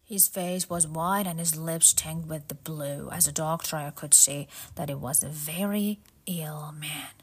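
A woman narrating a detective story as an audiobook, reading in a deliberate way. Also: low-pitched, breathy edge.

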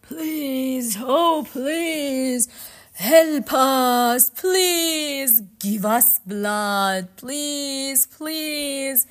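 A woman voicing a crowd of desperate ghosts who beg in breathy whispers. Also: high voice, drawn-out words, hardly any pauses, voice pushed up. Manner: whispery, begging. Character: pleading ghosts, wispy, desperate, many.

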